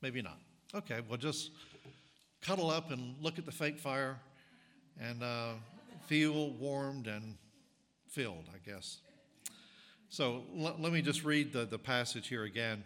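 A man preaching a sermon as pastor, talking in a conversational, halting way with frequent restarts and fillers. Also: mid-range voice, fairly bright tone, big-room sound. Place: church sanctuary.

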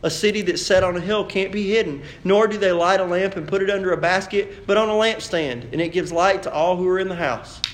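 A man, a pastor preaching a sermon in a conversational way that builds to loud, animated emphasis. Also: sits high, brisk, hardly any pauses, reverberant, a little hiss or hum.

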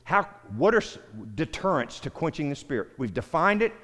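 A middle-aged Southern man preaching in an easy, conversational way, slightly high-voiced for a man. He repeats himself and turns to listeners by name. His voice rings out with a long hall reverb. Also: big pitch swings, brisk, fairly bright tone. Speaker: pastor. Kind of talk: sermon-style teaching.

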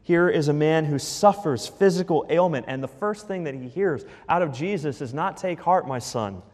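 A male pastor preaches a sermon in a fairly high voice, emphatic and punchy. He is in a church, and the hall gives his voice a long reverb. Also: normal speed, darkish tone.

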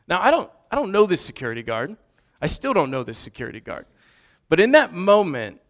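A man in his thirties preaching, telling a personal story in a lively way with sudden loud bursts. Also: fairly high pitch, fairly quick. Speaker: pastor. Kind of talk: storytelling sermon.

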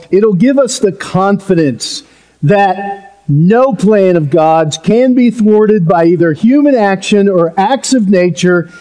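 A man's voice: sits high, dark tone. A male pastor preaching a sermon in an earnest, emphatic way, with playful asides.

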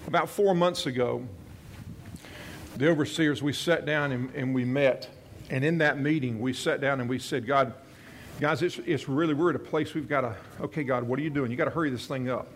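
Earnest pastor telling a story. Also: male voice, medium pitch, a little fast, slight background noise. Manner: earnest, repeats and restarts phrases, voices quoted prayers softly. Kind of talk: sermon storytelling.

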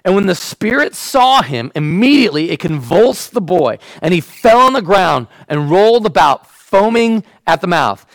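A man preaching a sermon as a pastor. He acts out the quotes and drops to a hush when he wants a point to land. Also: high-pitched, sing-song, moderate pace, few pauses, dry recording, low-quality recording.

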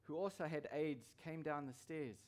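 With a fairly high, slightly mellow voice at normal speed, a male pastor delivers a sermon. He stresses his points and keeps returning to key phrases to drive them home.

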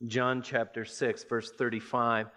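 A man preaching a sermon, reading scripture and explaining it with measured emphasis. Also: little pitch movement, bright, forceful tone. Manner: measured, emphatic preaching that rises in pitch as it builds.

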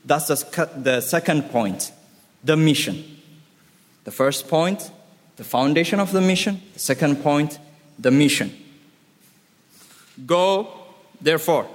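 Slow emphatic preacher in an echoing hall. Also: male voice, on the high side, animated. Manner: slow, emphatic, repeats key words. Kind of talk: sermon. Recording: reverberant hall.

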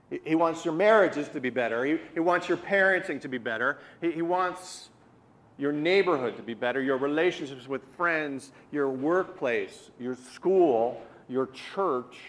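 Male pastor, sermon delivery, earnest and explanatory, a touch high-pitched. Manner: earnest, repeats words while explaining scripture.

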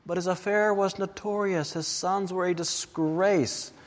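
A man preaching a sermon, reading scripture aloud in a slow and deliberate way. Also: sits high, steady tone, long reverb tail.

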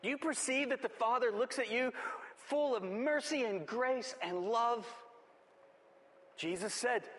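A man with a high voice delivers a sermon, pressing his points with growing emphasis. He reads a rhymed poem aloud in the same preaching manner. His words ring out with a long reverb, as in a large hall. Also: a little slow, a bit bright. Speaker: pastor.

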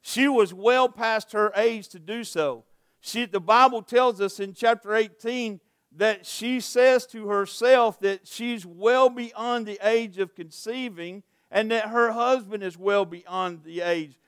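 A middle-aged male pastor delivers a sermon with a high, smooth, resonant voice. He reads scripture aloud and presses his points with rising urgency. The sound is dry and close. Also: slow, a bit bright, dry recording. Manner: preaching with rising intensity, scripture readings, light jokes.

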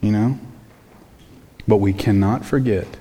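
A man's voice: lowish voice, a little slow, warm tone, husky, long reverb tail. A man preaching a sermon as pastor, in a conversational way full of rhetorical questions.

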